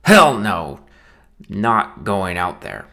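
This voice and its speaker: A man's voice: low voice, fairly even intonation, slow, creaky, exaggerated voice. A man voicing a drunk, despairing young groom who mumbles and slurs. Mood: drunken refusal. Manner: mumbling, slurred, quiet.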